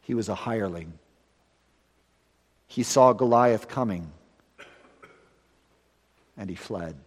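A man preaching a sermon earnestly, building to emphatic lines and then dropping to a hushed close. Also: lowish voice, slow, long reverb tail.

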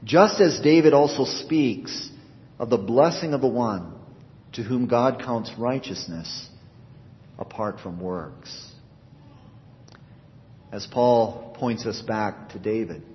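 A male pastor preaches earnestly to his congregation. His voice climbs for emphasis and drops low as each phrase closes. It rings with a long church reverb, and the recording sounds dull and muffled. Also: slight background noise. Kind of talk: sermon.

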